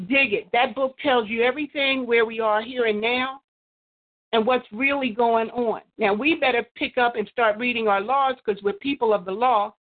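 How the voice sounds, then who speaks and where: A woman's voice: on the high side, fairly even intonation, normal speed. A woman calling in to a talk line, rambling and preachy, quoting scripture. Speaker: caller. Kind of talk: phone-in call. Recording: phone line.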